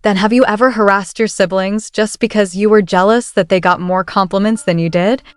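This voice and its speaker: A woman's voice: mid-range voice, fairly even intonation, a little fast, clear, resonant tone, no room sound, lightly acted. A woman voicing a blunt but caring young male duke in a recap story, in her own plain reading voice. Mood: matter-of-fact.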